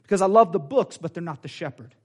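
Male pastor, fairly high voice, animated sermon delivery with repetition and acted-out quotes. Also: fast, slightly rough. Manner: animated preaching, acts out quoted voices, repeats phrases. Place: church sanctuary.

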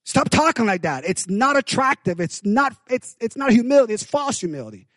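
A man preaching a sermon, with call-outs to the congregation, swinging from hushed lines to loud bursts. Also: high-pitched, sing-song, a little fast, no echo. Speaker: pastor.

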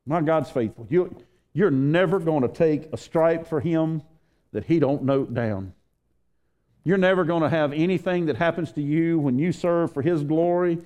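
A man's voice: fairly high pitch, a little mellow. A man preaching a sermon to his church, repeating phrases and building intensity. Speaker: pastor.

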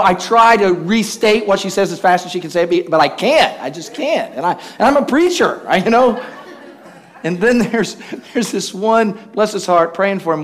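A man preaching a sermon, telling humorous everyday stories, acting out quoted voices, and calling for responses from the congregation. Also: sits high. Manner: animated storytelling, acts out quoted voices with humor.

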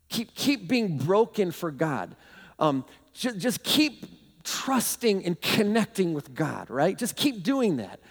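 A man's voice: sits high, big-room sound. A man preaching a sermon, urgent and pleading, stumbling over repeated restarts.

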